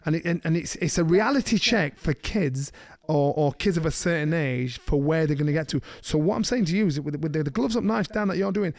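A middle-aged man, co-hosting a podcast, telling a story in a lively way and slipping into the voices of the people he quotes. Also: fairly high pitch, brisk, hardly any pauses, no echo. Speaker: podcast co-host. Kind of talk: casual storytelling chat.

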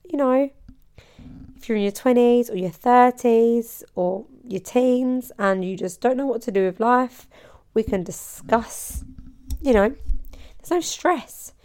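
On her solo podcast, a woman who works as a hairdresser rambles along cheerfully and laughs often. Her voice is on the high side, clean and mellow, and she speaks slowly.

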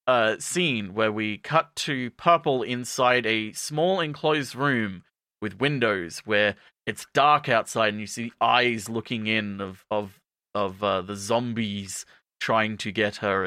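A man's voice: mid-range voice, bright, forceful tone, no room sound, studio quality. A man co-hosting a podcast, recapping a show in a rambling, playful way with jokey asides. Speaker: podcast co-host. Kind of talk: casual comedic recap.

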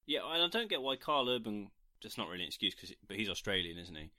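Casting: male podcast co-host, low-ish voice, bright and forward, dry teasing delivery. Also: sing-song, quick pace. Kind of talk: casual film review chat.

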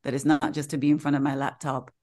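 A woman co-hosting a podcast, telling a personal story in a casual, animated way and acting out the voices of the people in it. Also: low voice, fast talker. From Caribbean. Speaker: podcast co-host. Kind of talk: casual chat.

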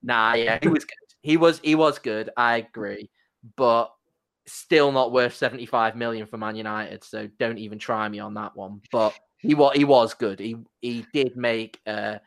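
Young male co-host, loose and sweary, animated football banter. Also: medium pitch, moderate pace, gravelly. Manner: animated, swearing, trailing restarts. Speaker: podcast co-host. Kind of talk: casual football chat.

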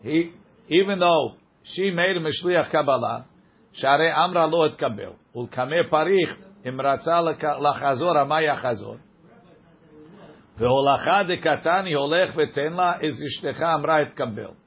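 A man's voice: on the high side, moderate pace, husky, muffled recording. A man teaching a daily page of Talmud, reading the passage aloud and explaining it line by line.

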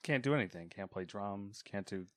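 A man's voice: lowish voice, expressive, moderate pace, no room sound. A man hosting a gaming podcast, talking casually in a dry, self-deprecating way that often trails off. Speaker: podcast host.

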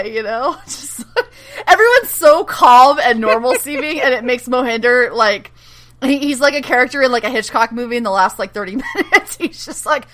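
An expressive woman with a slightly high, fairly bright voice talks at normal speed while recapping a TV show on her podcast. She laughs often and acts out what the characters say.

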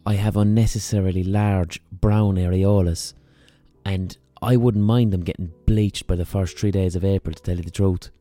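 A man's voice: low-pitched, steady tone, normal speed, mellow, no room sound, soft background music. An Irish man hosting a podcast, telling a rambling, profane comic story in a casual monologue. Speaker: podcast host.

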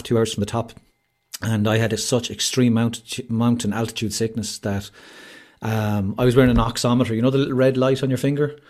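This Irish man has a lowish voice with a darkish tone. Appearing as a podcast guest via video call, he shares his story with openness and earnestness, leaning heavily on "like" and "you know" in a candid, conversational interview.

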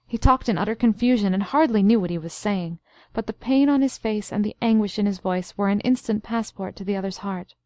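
A woman narrates a short story in an even, measured manner, mid-pitched for her sex. The sound is dry and close with no room at all. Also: no echo. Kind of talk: scripted audiobook narration.

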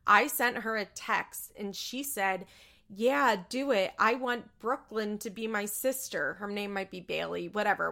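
Woman chatting away recapping reality tv, kinda gravelly fry in her voice, mid pitch. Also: bright, forceful tone. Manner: chatty, opinionated, acts out quotes. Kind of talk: casual commentary.

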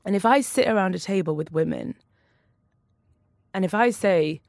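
A woman's voice: medium pitch, normal speed, gravelly, a little mellow, dry recording, clean studio sound. A woman, an author guest on a podcast, speaking openly and emotionally, laughing between heavy admissions. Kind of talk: candid podcast conversation.

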